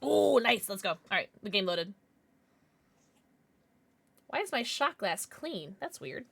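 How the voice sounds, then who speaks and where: A woman's voice: mid-range voice, sing-song, slow pace, creaky, a bit bright, husky. A woman streaming live, chatting casually with viewers and cooing over her pets. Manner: bubbly, coos over her pets, laughs often. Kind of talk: casual livestream chat.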